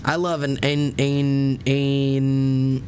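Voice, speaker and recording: A man's voice: medium pitch, completely flat delivery, very slow, darkish tone, a little hiss or hum. A young adult man streaming live from home, chatting casually and rambling jokily with his viewers and his cats.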